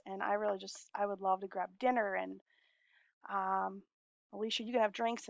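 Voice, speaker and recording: A woman's voice: medium pitch, creaky, no echo, dull audio. A woman in her forties talking in a long, rambling, heartfelt personal message to friends, laughing often. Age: 40s.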